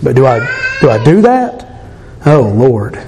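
A man's voice: medium pitch, very animated, measured pace, background noise. A middle-aged man preaching a candid, self-deprecating evening sermon in a church, sighing between points. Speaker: pastor. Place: church sanctuary.

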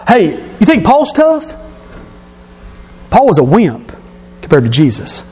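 A pastor preaching a sermon to his congregation, emphatic and rising to shouts at his key points. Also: high-pitched, wildly swooping pitch, slow pace, slightly rough. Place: church sanctuary. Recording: long reverb of a church hall.

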